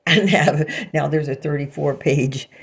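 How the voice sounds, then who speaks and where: A woman's voice: sits low, vocal fry, breathy edge. A woman vlogging alone in a rambling personal monologue, bitter and sarcastic, breaking into short laughs between remarks.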